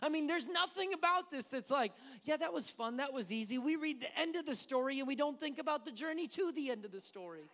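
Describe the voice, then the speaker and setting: A male pastor with a remarkably high voice for a man delivers a fervent sermon. He pushes into shouted lines and stretches key words out slowly for weight. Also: animated, big-room sound. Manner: impassioned, shouting climaxes, slowing for emphasis; drops to a soft, low near-whisper at the close.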